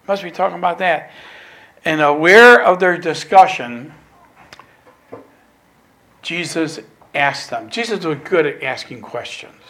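Slow, emphatic preacher man. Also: a little high. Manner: emphatic, swinging from loud stresses to near whispers; repeats phrases for emphasis. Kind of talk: sermon.

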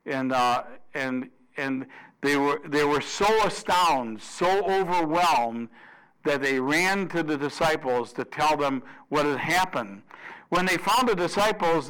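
A man preaching a sermon in an earnest way, often repeating words and restarting his phrases, and slowing down and dropping low to stress key points. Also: fairly bright tone, poor audio. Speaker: pastor. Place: at home.

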